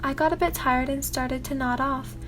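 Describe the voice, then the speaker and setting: High-voiced woman narrating a sleepy ASMR story. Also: steady tone, moderate pace. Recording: music playing underneath.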